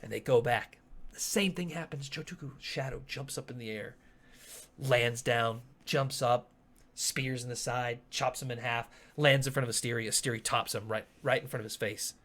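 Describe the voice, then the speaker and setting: A man's voice: medium pitch, moderate pace, fairly bright tone. A man running a tabletop game as game master, narrating the action vividly and with animation.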